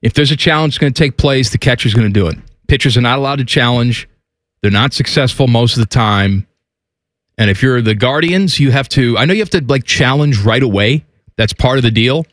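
A man's voice: mid-range voice, a little fast, a bit bright, dry recording. A man co-hosting sports talk with a mid-range voice, recorded close and dry. He makes blunt wisecracks and runs through stats in a casual tone. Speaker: sports radio co-host.

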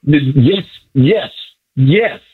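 Excited guy calling a sports show, husky voice, jumps all over the place, muffled phone sound. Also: a little high, very slow. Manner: excited, repetitive, boastful. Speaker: caller.

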